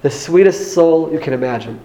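A man's voice: fairly high pitch, animated, fairly quick, dark tone, rough recording. A man with an American accent giving a speech to an audience as a former member of parliament, telling earnest personal anecdotes with light humor. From United States.

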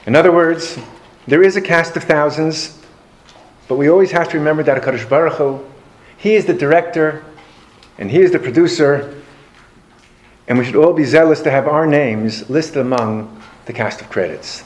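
High-voiced man telling a story. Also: moderate pace, pauses often. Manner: animated anecdotal delivery with dry humor. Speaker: lecturer on Jewish history. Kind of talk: storytelling lecture to a live audience.

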